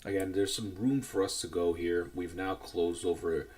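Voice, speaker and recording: Low-voiced man giving market commentary. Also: steady tone, darkish tone, far from the mic. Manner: measured, cautionary, self-correcting. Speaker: trading livestream host.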